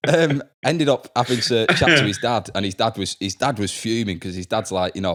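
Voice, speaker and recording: A man's voice: medium pitch, fast, few pauses, a bit bright. A young man hosting a podcast, chatting casually and laughing as he tells stories about working with kids. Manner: laughs often, acts out kids' voices. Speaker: podcast host and school staff member. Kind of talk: casual chat, telling anecdotes.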